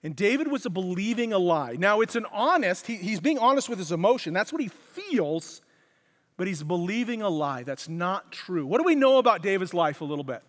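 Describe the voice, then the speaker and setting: A man preaching a conversational sermon, acting out quotes with lively shifts in voice, recorded in a church. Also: high voice, fairly quick. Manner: conversational, animated, acts out quotes. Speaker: pastor. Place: church hall. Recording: long hall reverb.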